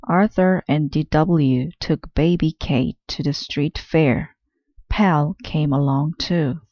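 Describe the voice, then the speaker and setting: A woman reading a children's picture book aloud with slow, careful, clear storytelling. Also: low voice, no echo, muffled recording.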